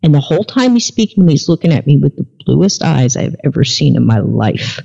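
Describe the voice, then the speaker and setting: A woman's voice: deep voice, big pitch swings, brisk, gravelly, warm tone, husky. A woman guest on a podcast, telling a story in a casual interview and acting out the dialogue as she goes. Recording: dull lo-fi recording.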